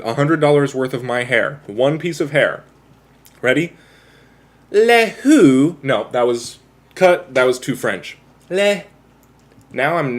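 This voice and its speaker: A man chatting casually with his livestream viewers, rambling, self-mocking and swearing freely. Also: mid-range voice. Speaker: live streamer.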